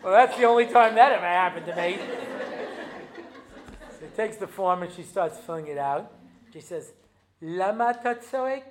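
A man's voice: high-pitched, moderate pace, long pauses, slight background noise. Chatty American man telling funny stories. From United States. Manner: chatty storytelling, many asides and fillers, jokes, switches into Hebrew. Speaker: rabbi giving a talk. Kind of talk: humorous lecture with acted-out anecdotes. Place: talk given to an audience.

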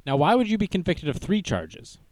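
Young man, news stream host, lively up-and-down voice, slightly high, dry close sound. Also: brisk, no room sound. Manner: animated, joking, self-deprecating. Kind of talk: casual livestream news commentary.

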